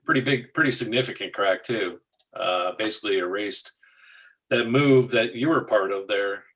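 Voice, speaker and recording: Bright-voiced man talking charts. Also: lowish voice, normal speed, low-quality recording. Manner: matter-of-fact, walks through charts. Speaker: co-host of a markets talk show. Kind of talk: casual market chat.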